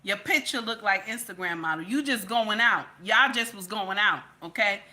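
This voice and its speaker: Speaking at medium pitch and a moderate pace with a sharp edge, a woman gives chatty, emphatic commentary on social media. "Okay?" punctuates nearly every line, and she talks straight to viewers, calling them "baby" and "y'all."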